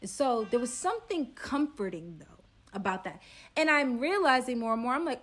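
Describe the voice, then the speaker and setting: A young woman telling a personal story in a storytime vlog, animated and dramatic, acting out quotes. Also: on the high side, normal speed.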